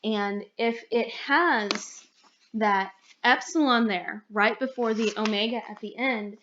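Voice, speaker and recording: Female teacher, unhurried and explanatory, checks understanding often; muffled home recording with faint hiss. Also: on the high side, a bit bright. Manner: patient, explanatory, frequent "okay?" and "right?" checks. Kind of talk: recorded grammar lesson.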